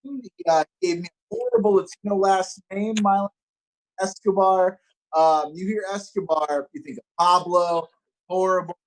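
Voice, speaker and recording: A man's voice: high voice, normal speed, rough recording. Upbeat young man doing stand-up. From Los Angeles. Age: young adult. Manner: upbeat, self-mocking, deadpan punchlines. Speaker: stand-up comedian. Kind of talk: stand-up comedy set.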